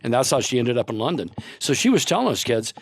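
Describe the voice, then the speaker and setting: A man's voice: mid-range voice, sing-song, fast talker, gravelly, husky, no echo, studio quality. An older man, a guest on a podcast, telling long rambling stories in casual chat and laughing often.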